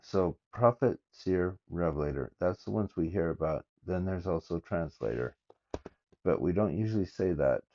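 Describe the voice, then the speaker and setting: An older man reading scripture aloud and musing over it in a halting, thinking-aloud way, recorded on his phone. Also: sits low, expressive, warm tone, lo-fi sound. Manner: reads verses aloud with halting, thinking-aloud asides. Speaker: scripture study vlogger. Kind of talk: casual scripture study talk.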